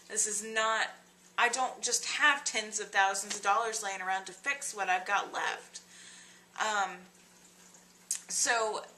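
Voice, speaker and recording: Young woman vlogger, unhurried, emotional confessional tone, lots of ums. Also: medium pitch, sharp tone, a little hiss or hum. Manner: halting, many fillers and restarts; confiding, emotional storytelling. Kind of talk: personal video diary.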